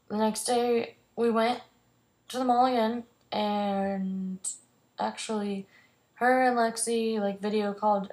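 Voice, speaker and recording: A teenage girl vlogging, telling a long personal story in a rambling way, full of "like" and "um". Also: medium pitch. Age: teens. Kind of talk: casual storytelling to camera.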